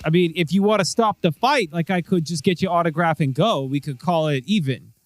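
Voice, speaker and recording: A man's voice: fairly quick, no room sound, lightly acted. A man voicing a starstruck male street cop who gushes like an eager fan in a tabletop game. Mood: sheepish. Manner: gushing, fawning, high-pitched.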